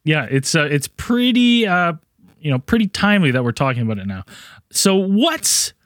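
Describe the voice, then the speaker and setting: A man co-hosting a podcast, his voice pitched a little high and sounding close and dry. He chats loosely, laughs easily and restarts his sentences over a remote call. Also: sing-song, normal speed, a bit bright, no room sound. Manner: chatty, laughs often, rambling restarts. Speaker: podcast co-host. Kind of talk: casual chat. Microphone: remote call mic.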